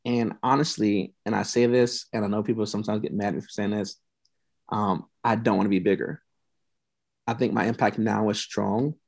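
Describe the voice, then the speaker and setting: A man who founded a youth mentoring program tells his story as a podcast guest, his lowish voice steady in tone, a little mellow and touched with vocal fry, at normal speed. He's earnest and heartfelt, repeating himself for emphasis, and at times he's emotional, close to tears.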